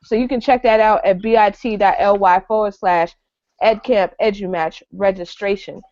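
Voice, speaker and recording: A woman hosting an online education show, making quick promotional announcements before handing over to the moderator. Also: mid-range voice, steady tone, a little mellow, no room sound. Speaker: show host. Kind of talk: announcements and introduction. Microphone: video call. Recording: dry lo-fi web call audio.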